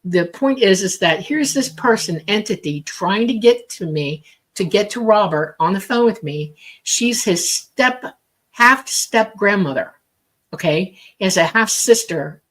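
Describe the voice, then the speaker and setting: A woman's voice: medium pitch, expressive, normal speed. A woman psychic medium telling a long story in casual talk, with many fillers and acted-out dialogue. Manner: rambling, filler-heavy, acts out quoted dialogue.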